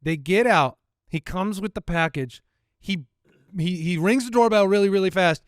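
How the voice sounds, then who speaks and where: A man co-hosting a comedy podcast banters casually and acts out the people in his stories with loud shouts. His voice is high and smooth, with a clean resonance. The mic is close and dry. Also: normal speed, no echo.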